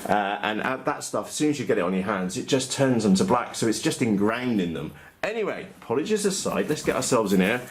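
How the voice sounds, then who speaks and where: A man's voice: fairly low pitch, big pitch swings, fairly quick, a little hiss or hum. Chatty man unboxing on a workbench. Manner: chatty, blunt, frequent uh fillers and self-corrections. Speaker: RC model hobbyist vlogger. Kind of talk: casual unboxing commentary.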